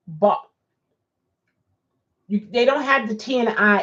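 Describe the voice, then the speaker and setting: A woman's voice: mid-range voice, expressive, unhurried, pauses often. A woman chatting casually on a live stream as a rideshare driver, answering viewer comments and laughing often. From Baltimore. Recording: dull lo-fi sound.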